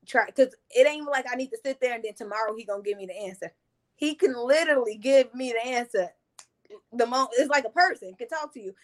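A woman who is a guest on a podcast, speaking in an earnest, reflective way in a casual conversation. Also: on the high side.

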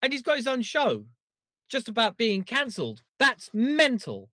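A man co-hosting a podcast, talking in an animated, self-mocking way with a very swinging, expressive pitch. His voice is bright and forward, recorded dry with no room around it. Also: moderate pace, no room sound. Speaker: podcast co-host. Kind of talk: casual podcast chat.

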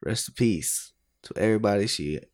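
A man's voice: on the low side, normal speed. A man co-hosting a podcast, telling a story in profane, laughing casual chat. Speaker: podcast co-host.

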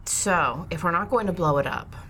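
A woman's voice: fairly low pitch, expressive, moderate pace, fairly bright tone, a little hiss or hum. A woman playing in a tabletop game, thinking and planning aloud. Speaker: player. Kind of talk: casual tabletop play.

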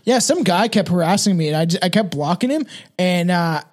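A man's voice: sits high, animated, fairly quick. A young man co-hosting a podcast in casual chat, rambling and swearing as he talks. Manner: rambling, profane, laughs often. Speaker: podcast co-host.

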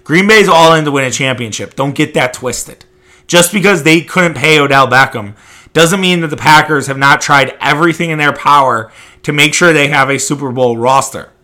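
Bright, emphatic male sports podcaster. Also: on the high side, moderate pace. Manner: emphatic, opinionated, swears freely. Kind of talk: casual sports commentary.

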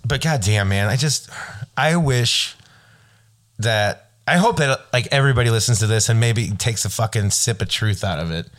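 A man's voice: medium pitch, normal speed. A man co-hosting a podcast, talking in an emphatic, earnest way with plenty of swearing. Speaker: podcast co-host. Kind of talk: casual chat.

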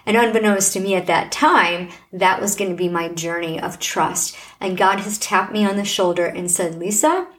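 A middle-aged woman with a somewhat low voice tells her personal faith story on her podcast. She speaks earnestly and from the heart, slipping into a preaching tone as she encourages her listeners. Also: fairly even intonation, normal speed, few pauses, fairly bright tone. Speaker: podcast host.

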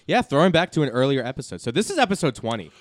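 A man's voice: mid-range voice, big pitch swings, very fast, no echo. A man co-hosting a casual podcast, rambling and self-mocking as he jokes with his co-host. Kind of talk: casual chat.

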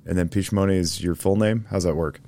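Deep-voiced rambling male podcast host. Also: fairly even intonation, a little fast, warm tone. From Northern Nevada. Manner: rambling, self-correcting, with many fillers. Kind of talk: casual podcast chat.

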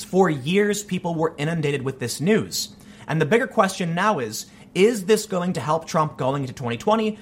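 A man's voice: a little high, husky. A man delivering an opinion monologue on politics, emphatic and argumentative. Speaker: political commentator.

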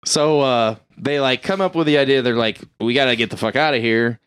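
A man rambling through a movie plot in loose, profane chat, filling his sentences with "like" and "uh". His voice is smooth and resonant and sits at a middle pitch. The sound is dry and close, with no room echo. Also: fairly quick, a bit bright. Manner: rambling, profane, lots of "like" and "uh", acts out characters' lines. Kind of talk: casual movie recap chat.

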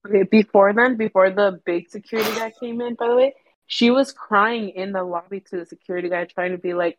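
Low-voiced woman, dull dry sound. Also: steady tone, normal speed, no room sound. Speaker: friend telling a story. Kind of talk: casual storytelling among friends.

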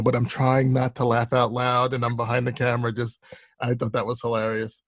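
A man's voice: medium pitch, completely flat delivery, a little fast, dry recording. A male host in a casual interview, who laughs easily and tells his own story in a loose, rambling way. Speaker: podcast host.

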